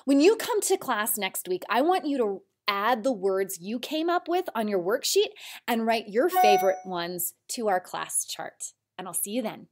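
A woman teacher giving a recorded spelling lesson to children, speaking slowly and clearly in an encouraging way. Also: a little hiss or hum. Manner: slow, clear, encouraging teacher voice with lively pitch.

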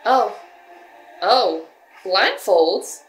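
A young woman chatting casually and excitedly as she reacts to a music video, full of "like" and "yo". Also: medium pitch, extremely slow. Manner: expressive, animated, lots of "like" and "yo". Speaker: K-pop reaction vlogger.

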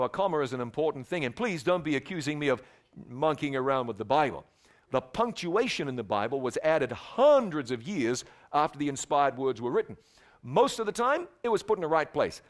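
A male preacher delivers a sermon with a fairly high speaking voice. He talks to the audience in a casual, conversational way, dropping to quiet asides and then rising to emphatic, raised lines. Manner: conversational, swings from soft to emphatic. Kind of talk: evangelistic sermon.

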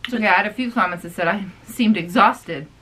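A woman co-hosting a thrift vlog, telling stories in an animated way and laughing often. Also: medium pitch, fast talker, slightly rough, low-quality recording. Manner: animated storytelling, frequent laughs. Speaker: co-host of a thrift channel. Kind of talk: casual chat.

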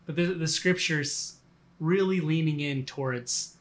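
A man giving a relaxed, conversational sermon, full of fillers and restarts. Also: on the high side, a little slow. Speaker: pastor.

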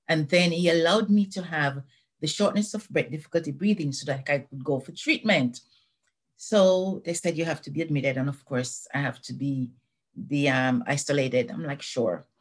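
An older woman giving a personal church testimony, telling it earnestly with frequent pauses and restarts. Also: low-pitched. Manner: earnest, halting retelling with many restarts.

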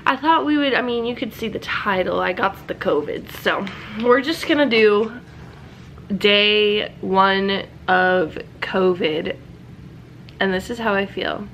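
A young woman vlogger chats casually and bubbly to her camera at home, sounding stuffed up and congested. Her voice is medium in pitch, slow and a bit bright, and the rough recording carries a little hiss or hum.

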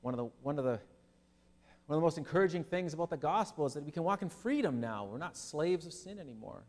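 A man preaching a sermon as pastor, animated and lively, with humorous asides to his listeners. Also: on the high side, fast talker. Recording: long hall reverb.

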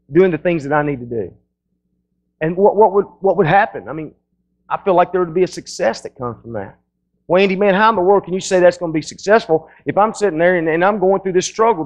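A man's voice: on the high side, highs cut off. A male pastor preaching a sermon in a folksy storytelling way, often restarting his sentences.

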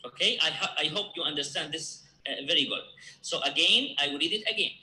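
A man's voice: on the high side, lively intonation, echoey room, rough recording. A man teaching Quran recitation rules, patiently repeating each point and checking with "okay?". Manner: chants Arabic verses louder and faster. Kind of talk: tajweed lesson with repeat-after-me drills.

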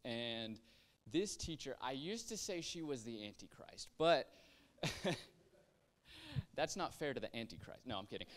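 A young man, a pastor, telling his life story in a relaxed, chatty way, full of "like" fillers and light self-mocking humor. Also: mid-range voice, a little slow, pauses often. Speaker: pastor sharing testimony. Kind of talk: casual personal testimony.

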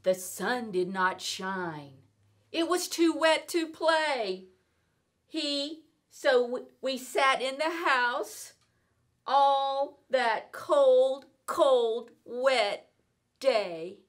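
A woman teacher narrates a rhyming children's story in a bright, ringing voice. She reads slowly and lingers on the words. Her pitch sits a little high and dances around lively as she tells it. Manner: expressive, sing-song storytelling. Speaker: teacher reading aloud. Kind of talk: children's read-aloud narration.

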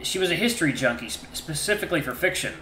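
A man's voice: on the high side, expressive, fast, pushed and bright, slight background noise. A man reading a story game aloud in first person, earnest and emotional, now and then restarting a phrase. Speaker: game streamer. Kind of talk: reading a visual novel aloud. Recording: roomy echo.

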